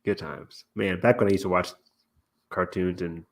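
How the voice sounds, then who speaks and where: Low-voiced podcast guy rambling, lots of ums and laughs, swears here and there. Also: steady tone, normal speed, creaky. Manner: rambling, filler-heavy, laughs often, swears casually. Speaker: podcast host. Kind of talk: casual fan podcast chat.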